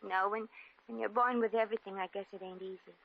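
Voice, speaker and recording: An actress playing a brash, slangy American shop girl in a 1950s radio drama, quick with wisecracks. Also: medium pitch, steady tone, vocal fry. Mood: wry. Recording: dull old radio recording.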